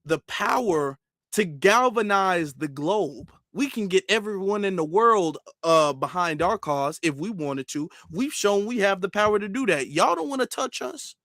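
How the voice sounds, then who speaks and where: A man's voice: high voice, lively intonation, a little slow, fairly bright tone, no room sound, studio quality. A man doing emphatic live-stream commentary, repeating himself and firing rhetorical questions. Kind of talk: live-stream commentary reading super chats.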